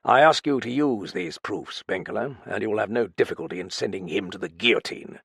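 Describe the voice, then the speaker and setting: A man's voice: fairly low pitch, brisk, creaky, fairly bright tone, husky, dry recording, studio quality, full character voice. A man playing a harsh, stiff aristocrat. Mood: cold, steady. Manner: clipped formal speech. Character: stern aloof older English gentleman, proud and grim.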